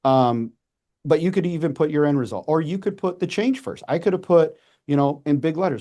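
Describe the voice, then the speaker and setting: Podcast guest, man in his 40s, warm mellow tone, chatty and animated, restarts often. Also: fairly high pitch. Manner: animated, with quick restarts and acted-out asides. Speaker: podcast guest, messaging coach. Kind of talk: casual conversational advice.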